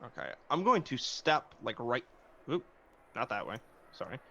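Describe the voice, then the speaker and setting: A man's voice: mid-range voice, big pitch swings, moderate pace, gravelly, fairly bright tone, slight background noise. A man playing a tabletop game as a player, talking casually and laughing often. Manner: casual, laughs between lines.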